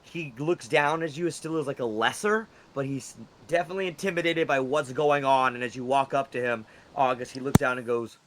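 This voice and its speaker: Young guy running a dnd game, bright voice, kinda rambly. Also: mid-range voice, a little fast, hardly any pauses. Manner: loose, rambling explanations with fillers. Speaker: game master. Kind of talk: narrating a tabletop game.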